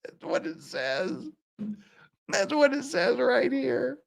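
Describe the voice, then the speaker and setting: A man's voice: extremely high pitch, big pitch swings, takes it slowly, gravelly. A man hosting a livestream, reading a passage aloud in a mock-dramatic way, breaking into whispers and cracking up laughing. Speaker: legal commentary livestream host.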